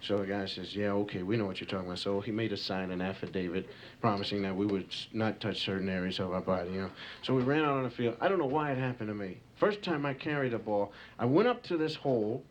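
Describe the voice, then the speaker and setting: A man's voice: lowish voice, animated, quick pace. A man telling stand-up stories in a loose, rambling way full of asides, recorded on a hissy home tape. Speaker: stand-up comedian. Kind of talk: stand-up storytelling.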